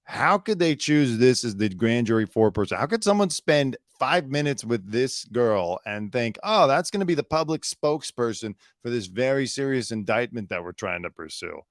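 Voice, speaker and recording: A man's voice: mid-range voice, normal speed, hardly any pauses, dry recording, clean studio sound. A man hosting a commentary show, sarcastically mocking a news clip and laughing. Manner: sarcastic, laughing, animated mockery. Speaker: show host.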